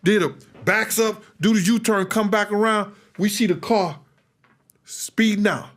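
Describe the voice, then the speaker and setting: Brief: man, interview storyteller, lively, slightly raised voice, voices others in his story. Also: a little slow. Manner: animated, acts out other people's lines with big jumps in pitch. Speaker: former bodyguard recounting events.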